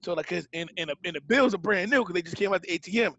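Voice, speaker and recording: A man in his thirties, a podcast co-host, telling an animated story in a casual chat and acting out the people in it. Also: sits high, fast talker, dry recording. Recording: muffled dry home podcast audio.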